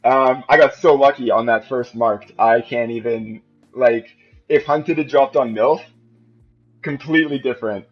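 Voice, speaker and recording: A man giving chatty, excitable live commentary on his own game stream. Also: medium pitch, unhurried. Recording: muffled mic with faint music.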